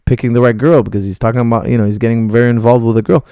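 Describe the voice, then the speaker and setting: A man's voice: mid-range voice, steady tone, racing, dark tone, clear, resonant tone, no echo, studio quality. A middle-aged man, a martial arts coach, bluntly rambling through viewer questions on a live stream.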